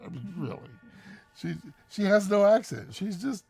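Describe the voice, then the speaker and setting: A man co-hosting a live stream, chatting casually and quickly, laughing often as he answers questions. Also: sits high, lively intonation, creaky, warm tone, slightly rough, no room sound. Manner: fast-talking, laughs often.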